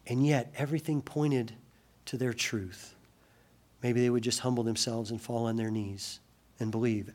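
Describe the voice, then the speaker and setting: A man preaching a sermon, acting out quoted voices with sudden loud rises and dropping soft and slow on solemn points. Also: medium pitch. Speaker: pastor.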